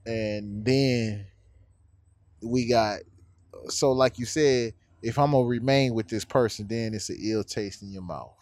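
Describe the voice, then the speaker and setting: A man's voice: lowish voice, a little slow, darkish tone, no room sound. A man, talking casually, asking probing questions and often calling his friend "bro". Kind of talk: casual conversation.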